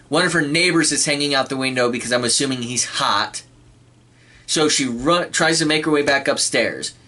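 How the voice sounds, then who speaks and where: A man giving a casual spoken film review, clearing his throat often and acting out quoted lines. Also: medium pitch, bright, forceful tone. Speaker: movie reviewer.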